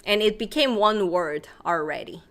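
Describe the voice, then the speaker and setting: A woman's voice: mid-range voice, animated, normal speed, fairly bright tone. A woman from Korea with a Korean accent, teaching a live-streamed language lesson, reading out viewers' questions and explaining in English with Korean examples.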